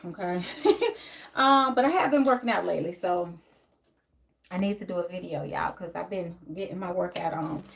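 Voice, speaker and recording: Chatty woman tarot reader streaming live from home. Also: medium pitch. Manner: chatty, greets viewers warmly by name; loose, rambling and down-to-earth, with many fillers. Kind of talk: casual live-stream chat. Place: home, near a closet.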